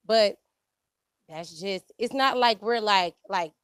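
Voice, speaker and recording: A woman's voice: medium pitch, slow pace, a bit bright, clear, resonant tone, dry recording, studio quality. A woman from Detroit on a discussion panel, talking casually and emphatically, often checking in with "you know what I'm saying". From Detroit, USA.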